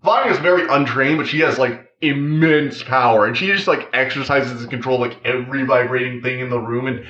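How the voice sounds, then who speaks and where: A man talks through a TV season in a loose, rambling review voice, leaning on "like" and restarting his sentences. His pitch sits in an ordinary middle range. The recording is roomy and a little dull. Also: fairly quick, hardly any pauses, a bit bright. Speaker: TV show reviewer. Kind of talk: casual spoken review.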